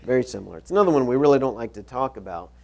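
A man's voice: medium pitch, lively intonation, racing, creaky. A middle-aged male pastor preaching a sermon, reading scripture aloud and repeating key phrases for emphasis.

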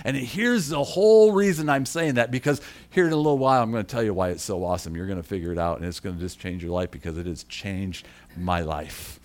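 A middle-aged pastor with a mid-range voice preaches a sermon, telling a personal story with enthusiasm and repeating himself often.

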